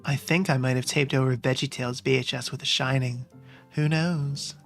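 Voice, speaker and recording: A man's voice: mid-range voice, fairly even intonation, moderate pace, fairly bright tone, soft background music, close to an everyday voice. A man voicing a laid-back, wine-sipping suburban mom who talks in a dry, offhand way. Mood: wry.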